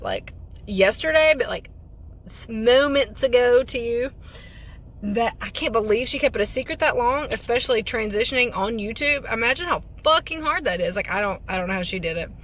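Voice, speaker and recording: A woman's voice: a little high, fairly bright tone. Blunt, foul-mouthed woman vlogging casually. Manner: blunt, heavy swearing, chatty asides. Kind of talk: casual vlog chat. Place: parked car.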